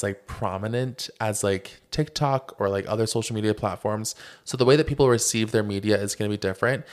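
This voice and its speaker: Young man co-host, slightly low voice, chatty and opinionated. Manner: chatty, opinionated, many fillers. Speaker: podcast co-host. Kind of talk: casual chat.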